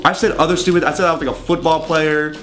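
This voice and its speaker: A man's voice: on the high side, fairly even intonation, fast talker, a bit bright, slight background noise. Profane, rambling young man. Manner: profane, rambling, laughs often. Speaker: interview guest. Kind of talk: casual storytelling.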